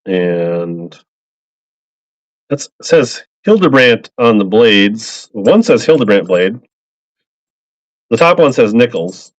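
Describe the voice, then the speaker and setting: A man's voice: on the low side, very animated, slow pace, long pauses, no echo. Upbeat man auctioning fishing lures. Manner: upbeat, rambling, greets buyers by name. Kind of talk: casual live-selling chat. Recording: slightly dull lo-fi stream audio.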